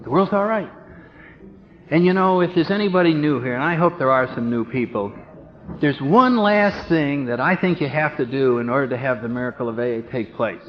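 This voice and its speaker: A man speaking at a recovery meeting, telling a humorous, animated story, recorded on old tape in a hall. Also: mid-range voice, a little fast. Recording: dull 1970s tape in long-echo hall.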